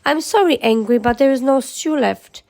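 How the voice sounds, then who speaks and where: A woman voicing a sweet, gentle young princess in a storybook. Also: sits high, normal speed, creaky. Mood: cheerful.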